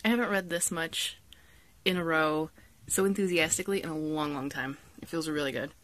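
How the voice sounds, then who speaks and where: A woman talks to camera in a relaxed vlog, upbeat and a little self-mocking. Her voice sits on the low side for a woman, with a faint hiss of noise behind her. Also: a little fast. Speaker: book vlogger. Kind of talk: casual vlog chat to camera.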